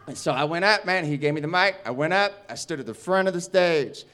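A stand-up comedian, a man, telling a rowdy story in casual, animated speech with laughter and swearing. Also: on the high side, fast talker, few pauses.

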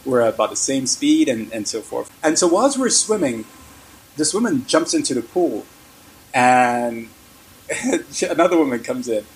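A man's voice: medium pitch, sing-song, measured pace, poor audio. A man telling a story as an interview guest, in a casual, rambling, conversational way.

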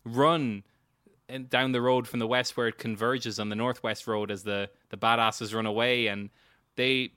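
A man runs a tabletop game, narrating in a rambling way with many fillers and restarts. His voice is bright and clear, with a close, dry sound. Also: medium pitch, steady tone, moderate pace, dry recording. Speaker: game master.

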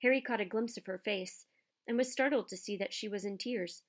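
Woman narrating an audiobook, expressive. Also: mid-range voice, a little fast. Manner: expressive storytelling.

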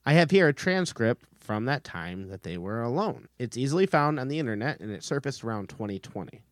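A man's voice: medium pitch, sing-song, brisk, dry recording, studio quality. A man hosting a podcast, reading from his notes in a conversational way. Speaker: podcast host. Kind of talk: casual chat.

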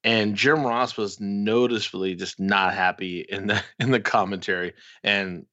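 A man's voice: lowish voice, fairly even intonation, a little slow, bright, forceful tone, no echo, highs cut off. A man co-hosting a casual wrestling podcast, blunt and profane as he recounts stories. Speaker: podcast co-host.

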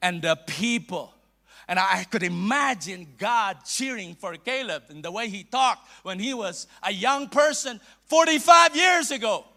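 Filipino man in middle age preaching, high and lively, playful with quick asides. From Philippines. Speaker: bishop preaching. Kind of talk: sermon.

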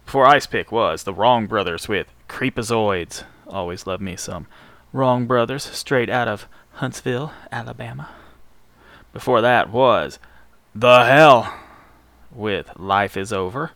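A man's voice: mid-range voice, unhurried, fairly bright tone, no echo. A male radio host with a Southern accent, back-announcing punk songs in a casual, profane, joking manner.

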